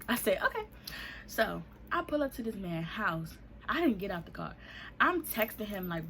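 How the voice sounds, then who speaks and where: A woman's voice: medium pitch, expressive, brisk, a bit bright, a little hiss or hum. A young woman, casually telling a storytime vlog and acting out the people in it with raised voices. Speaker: vlogger.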